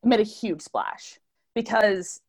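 A woman hosting a podcast in casual chat, giggly and eager, explaining things quickly. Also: mid-range voice, a little mellow. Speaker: podcast host.

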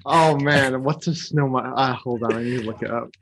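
A man's voice: medium pitch, moderate pace, fairly bright tone, rough recording. A man chatting casually and eagerly acting out favorite cartoon scenes. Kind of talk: casual chat.

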